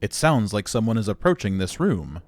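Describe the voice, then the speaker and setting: A snarky male narrator of a sci-fi adventure game, pitched fairly low but swinging widely up and down. He mocks each failure with a dry, wry relish, with soft game music faintly behind him. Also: very animated, normal speed. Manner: mocking, wry.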